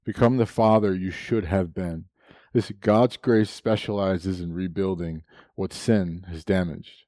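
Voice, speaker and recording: A man's voice: sits low, moderate pace, darkish tone, dry recording. A man preaching a sermon, telling a personal story with frequent laughs and moments of emotion.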